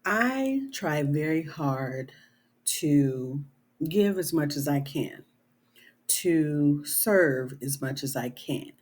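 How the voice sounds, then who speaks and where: A woman's voice: low voice, lively intonation, extremely slow, a little mellow. A middle-aged woman author talking in a casual vlog, earnest and conversational, often adding "you know" and "right?".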